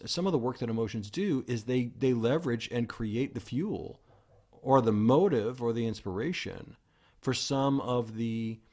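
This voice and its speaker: A man talking through ideas alone on his podcast, in a voice of ordinary middle pitch. He rambles, doubling back and restarting his sentences as he goes. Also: darkish tone. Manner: rambling, with frequent restarts and self-corrections. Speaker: podcast host. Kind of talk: solo explanatory podcast talk.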